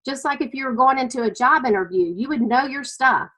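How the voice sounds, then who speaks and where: A woman's voice: high voice, brisk, pushed and bright, rough recording. A middle-aged woman with a Southern US accent, giving an earnest, emotional personal testimony about her weight-loss journey. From American South. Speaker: weight-loss client sharing her story.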